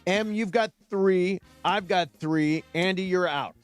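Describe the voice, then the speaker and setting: A man's voice: high-pitched, slow, soft background music. A man hosting a sports radio show, running a trivia game in casual studio chat. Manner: animated, runs the trivia game.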